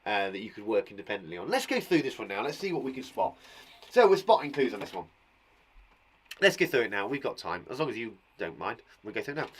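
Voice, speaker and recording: A man's voice: medium pitch, fairly bright tone. A man with an English accent teaching an online punctuation lesson to young children in an upbeat, encouraging way, repeating his questions to the pupils. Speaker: primary school teacher.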